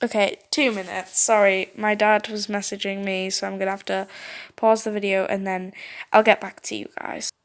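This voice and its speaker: A woman's voice: mid-range voice, level tone, normal speed, clear, resonant tone. A young woman reading a story game aloud, often stumbling over words and correcting herself. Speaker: gameplay video host.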